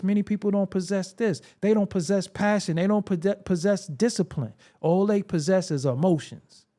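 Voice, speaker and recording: A man with a high-pitched, darkish voice hosts a solo hip-hop commentary show. He talks bluntly and profanely, in a confrontational, repetitive, preaching manner.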